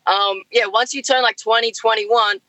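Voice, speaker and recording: A man's voice: sits high, steady tone, moderate pace, pushed and bright, no echo, low-quality recording. A young Australian man with an Australian accent, chatting casually and using local slang. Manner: laid-back, uses Australian slang. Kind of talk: casual podcast banter.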